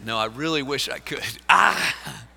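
A man, a pastor preaching a sermon in a church, moving from earnest storytelling to forceful preaching. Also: medium pitch, normal speed. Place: church sanctuary. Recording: live sermon in a reverberant sanctuary.

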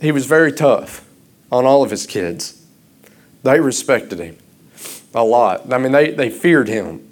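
A man preaching a sermon, starting out halting and rambling, then growing louder and impassioned. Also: medium pitch, lively intonation.

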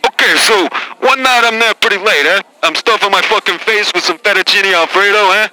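A man's voice: high-pitched, very animated, quick pace, creaky, sharp tone, dry recording, exaggerated voice, rough recording. A man voicing a foul-mouthed, touchy pizzeria owner who keeps tacking "eh?" onto his lines, calling in to a comedy podcast. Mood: conspiratorial. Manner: swears constantly, ends lines with "eh?". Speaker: caller.

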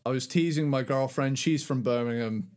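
A man's voice: mid-range voice, normal speed, clear, resonant tone. A man co-hosting a music podcast in casual chat, telling stories with plenty of laughter. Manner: laughing, animated storyteller. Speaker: podcast co-host.

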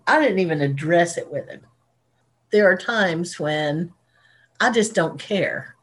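A woman's voice: on the low side, unhurried. Chatty woman podcast co-host. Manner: animated storyteller who laughs often. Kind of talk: casual chat.

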